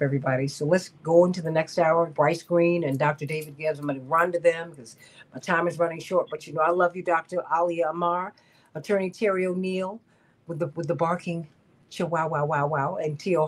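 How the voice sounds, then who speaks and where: Emphatic woman radio talk host. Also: lowish voice. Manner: emphatic, repeats for stress, laughs often.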